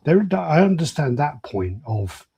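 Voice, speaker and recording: A man's voice: fairly high pitch, very animated, measured pace, gravelly, warm tone, a little hiss or hum. A man co-hosting a casual podcast who reasons aloud, often restarting and repeating words. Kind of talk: casual chat.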